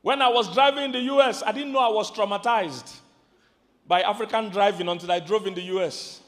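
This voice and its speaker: A man with a Nigerian accent preaching about marriage to a live audience. He swings from loud emphatic lines to quiet asides and keeps asking the crowd questions. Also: high-pitched, a little fast. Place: large hall with an audience. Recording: hall reverb from a large venue.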